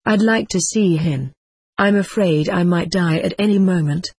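A frail, devout widowed mother pleads softly and slowly with her child, as a woman narrator gives her voice. The tone sits lowish and breathy, close and dry with no room around it, gentle and earnest throughout. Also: no room sound. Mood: tender. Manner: slow, tender, pleading. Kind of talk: audiobook character reading.

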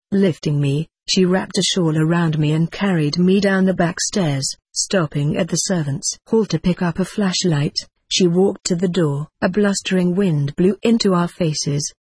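An audiobook narrator giving a steady, measured first-person storybook reading told as a cat. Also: medium pitch, slightly rough, dry recording.

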